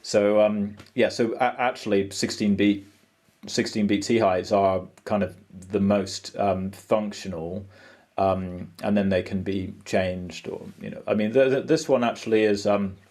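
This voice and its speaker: A man's voice: fairly low pitch, fairly even intonation, unhurried, a little mellow. A man guitarist explaining rhythms, singing the syllables aloud with many ums and restarts. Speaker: guitarist and music teacher.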